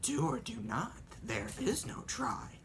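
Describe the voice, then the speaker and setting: A man's voice: fairly high pitch, wildly swooping pitch, a little hiss or hum, heavily acted. A young man doing a whispery ancient little sage. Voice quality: soft breathy whisper. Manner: slow, inverted phrasing. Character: tiny ancient wise alien master.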